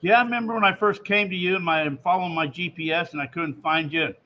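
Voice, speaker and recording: A man's voice: high voice, quick pace, pushed and bright. A man hosting a radio show, chatting easily about his dog. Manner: easygoing, chatty. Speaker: host. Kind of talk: casual chat. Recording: dull lo-fi line with faint hiss.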